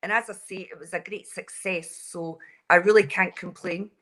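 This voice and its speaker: Scottish lady in her 40s calling in on her mobile, chatty, laughs easy, crisp bright voice. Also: fairly low pitch, steady tone, moderate pace, low-quality recording. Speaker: guest. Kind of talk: casual call-in chat. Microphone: mobile phone over wireless.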